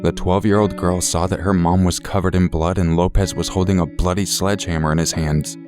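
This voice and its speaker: Deep-voiced man narrating true crime. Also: flat delivery, over music. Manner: measured, somber storytelling. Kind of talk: scripted narration.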